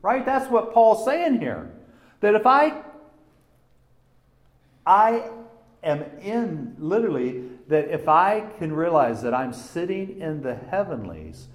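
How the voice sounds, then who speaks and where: A man gives an informal sermon, drawing on a story from his own day. He talks slowly in a slightly high voice, swinging from loud emphasis to near-hushed lines and restarting his sentences. The sound is roomy and echoey. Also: sing-song. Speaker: Bible teacher.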